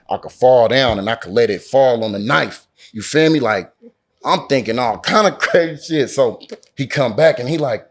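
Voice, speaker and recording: A man's voice: lowish voice, breathy edge. Man telling a story in Bay slang. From Oakland, California. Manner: animated, acts out quoted dialogue, heavy slang and swearing. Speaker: interview guest. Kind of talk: casual storytelling. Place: lounge in a Las Vegas resort.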